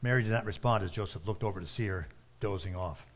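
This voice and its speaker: A man narrating a story with a steady, earnest reading manner. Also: fairly low pitch, fast talker.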